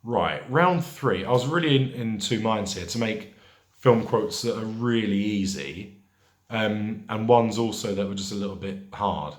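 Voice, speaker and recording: A man hosting a pub quiz, reading each question slowly and repeating it, with chatty asides between questions. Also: fairly low pitch. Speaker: quiz host. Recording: echoey room.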